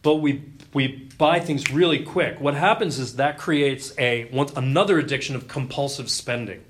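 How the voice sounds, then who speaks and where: A man's voice: medium pitch, normal speed, a little hiss or hum. A man teaching a class in a loose, joking, story-filled way with lots of ums and restarts. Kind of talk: classroom talk.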